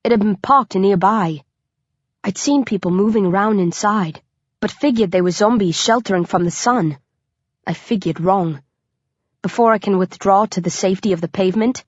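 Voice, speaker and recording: A woman's voice: medium pitch, no room sound. A woman reading a first-person thriller audiobook, with tense, vivid storytelling. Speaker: audiobook narrator. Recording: dry, dull lo-fi recording.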